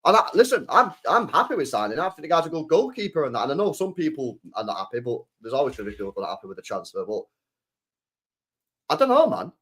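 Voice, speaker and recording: A young man talks through football transfer news in a loose, animated rant. His voice sits a little high for a man. He swears freely and stumbles over repeated words as he reacts. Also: fast, slightly rough. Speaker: football fan channel host.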